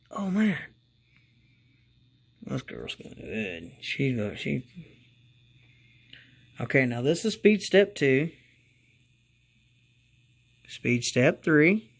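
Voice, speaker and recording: A man hosting a casual hobby review video, talking slowly and rambling, getting excited and calling out to his viewers as guys. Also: medium pitch, creaky. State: congested from allergies. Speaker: model railroad channel host.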